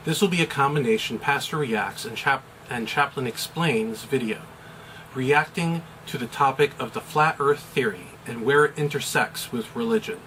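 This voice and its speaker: A middle-aged American man, a chaplain, explaining a topic in a measured, deliberate way with some fillers. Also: mid-range voice, bright, forceful tone, slight background noise, rough recording. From United States. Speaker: chaplain and pastor. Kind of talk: explanatory video commentary.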